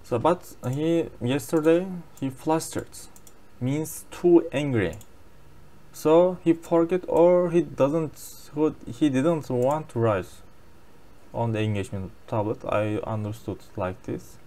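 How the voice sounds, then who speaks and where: Slow, halting man explaining a lesson. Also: fairly high pitch, dark tone. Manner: halting non-native English with many fillers. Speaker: language learner sharing daily lessons.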